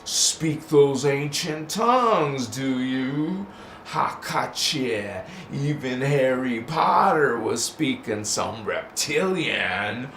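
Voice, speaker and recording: This livestream host has a mid-range, slightly bright voice and speaks extremely slowly but with plenty of animation. Chatting loosely with viewers, he laughs a lot and breaks into chanted nonsense words. There's a roomy feel to the audio and a faint background hiss.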